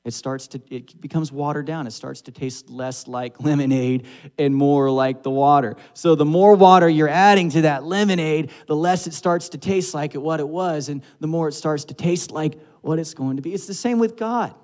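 A man's voice: on the high side, normal speed, darkish tone. Conversational male preacher. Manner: conversational, asks the congregation rhetorical questions. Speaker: pastor. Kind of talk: sermon. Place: church sanctuary.

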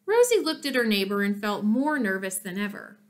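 A woman narrating a children's chapter book in an expressive storytelling manner. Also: mid-range voice, fairly quick. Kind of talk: children's audiobook reading.

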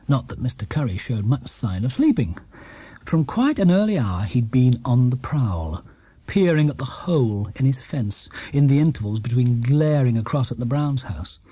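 Storybook narrator, male, mellow and slightly husky, expressive. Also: mid-range voice, dry recording. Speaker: audiobook narrator.

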